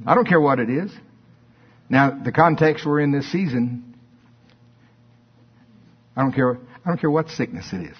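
A man preaching a sermon, swinging between high emphatic bursts and low, quiet asides. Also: expressive, moderate pace, breathy edge. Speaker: pastor. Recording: dull lo-fi sermon recording.

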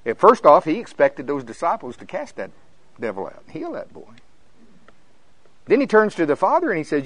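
An older man from Oklahoma preaching with fervor, his voice jumping high and loud in the storytelling parts. The sound is dry and close, with no room around it. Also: moderate pace, pauses often, no echo, poor audio. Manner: fervent, preachy, rising to high excited peaks when telling stories. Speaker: pastor. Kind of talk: sermon.

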